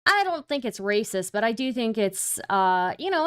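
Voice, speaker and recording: A woman's voice: fairly high pitch, big pitch swings, moderate pace, clear, resonant tone, no echo. A woman hosting a live stream, giving rambling, incredulous casual commentary with lots of fillers. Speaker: streamer host.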